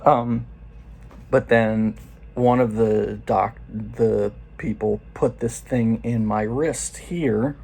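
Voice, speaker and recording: A man's voice: on the low side, fairly even intonation, vocal fry, a little mellow, slightly rough. A man in his forties telling a loose, profane story in a casual first-person way. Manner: loose and profane, quoting others in quick asides.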